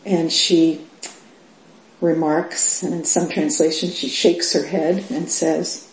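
A middle-aged woman teaching as a Zen teacher in a dharma talk, unhurried, with many fillers and laughs. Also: low voice, flat delivery. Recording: roomy echo.

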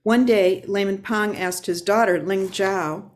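A woman Zen teacher giving a dharma talk, unhurried and reflective, pausing often on filler sounds. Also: mid-range voice, steady tone, darkish tone.

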